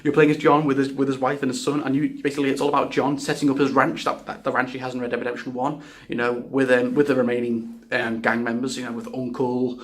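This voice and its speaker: A man's voice: mid-range voice, little pitch movement, fast. A man giving a casual spoken video game review, rambling and enthusiastic, often restarting his sentences and swearing.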